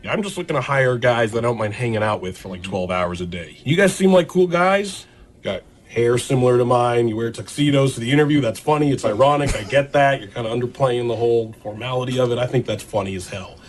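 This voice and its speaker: Male actor as a relaxed young employer; easygoing, rambling delivery. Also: medium pitch, quick pace, close to an everyday voice. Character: laid-back young male boss hiring two men.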